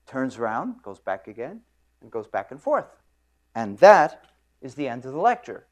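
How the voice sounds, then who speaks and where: A man giving a university physics lecture in an animated storytelling manner, clearing his throat often. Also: mid-range voice. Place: lecture room.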